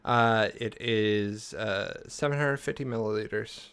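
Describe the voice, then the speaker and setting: A man's voice: fairly low pitch, unhurried, fairly bright tone, clear, resonant tone. A young man hosting a casual podcast, rambling with fillers and restarts. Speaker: podcast host. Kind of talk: casual chat.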